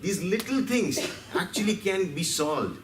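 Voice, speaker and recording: A man's voice: high voice, sing-song, unhurried, a little hiss or hum. A man from India, giving a playful, story-driven health lecture and asking the audience questions. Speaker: health speaker. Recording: roomy hall, distant mic, faint background.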